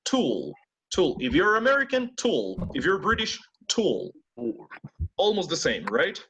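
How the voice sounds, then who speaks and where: Lively bilingual English teacher. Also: male voice, sits high, moderate pace, slight background noise. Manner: switches between English and Spanish, drills students with repeated words. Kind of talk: online class teaching pronunciation.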